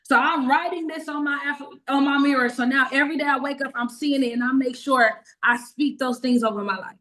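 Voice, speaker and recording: Woman, 30s, high voice; animated, emotional testimonial on a group call. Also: fairly quick. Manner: animated, repeats herself, acts out her own past words. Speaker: network marketing team member giving a testimonial.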